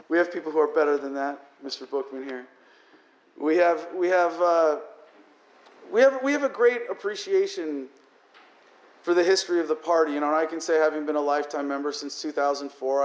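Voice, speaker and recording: A man giving an emotional, profane political speech to a crowd, his voice cracking toward tears as he rants. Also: a little high. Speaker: political speaker. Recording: echoey hall.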